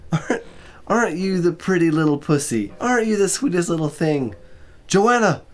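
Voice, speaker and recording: An exhausted man reading a short story aloud for ASMR, stumbling over words and apologizing. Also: on the low side.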